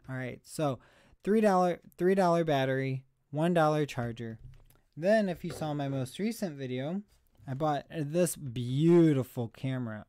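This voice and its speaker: A man's voice: a little high, expressive, normal speed, a little mellow, dry recording, clean studio sound. A man chatting on a live stream about thrift finds, rambling and self-deprecating, sounding slightly out of breath. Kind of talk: casual live stream chat.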